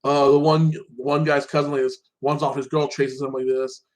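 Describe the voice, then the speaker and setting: A man's voice: medium pitch, little pitch movement, moderate pace, poor audio. Rambling man recapping a TV show. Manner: rambling, repeats "like that", swears freely. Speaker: show reviewer. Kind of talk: casual TV episode recap.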